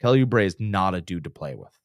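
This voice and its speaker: A man co-hosting a sports podcast, telling stories in a loose, animated way with frequent restarts. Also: low voice, a little fast, no room sound, studio quality. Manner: animated storyteller, trails off and restarts. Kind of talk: casual sports chat.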